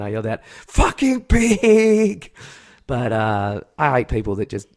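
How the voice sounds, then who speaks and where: A young Australian man co-hosting a comedy podcast, telling rambling anecdotes and breaking into loud yelled impressions. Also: on the low side, vocal fry. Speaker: podcast co-host. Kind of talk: casual comedic chat.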